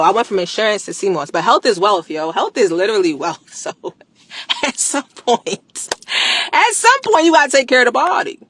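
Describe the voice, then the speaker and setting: A woman talking on a live stream in a lively, swooping voice that rises and falls a lot. Her tone is bright and forceful, and she talks in slang and repeats herself for emphasis. The sound is dry and close, with almost no room around it. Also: medium pitch, no echo. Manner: animated, repeats phrases for emphasis, laughs often. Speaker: livestreamer promoting a product. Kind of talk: casual live stream chat.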